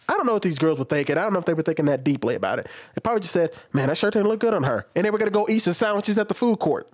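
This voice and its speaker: A man giving casual reaction commentary on a clip, animated and laughing, acting out retorts in a lower mock voice. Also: very fast, few pauses.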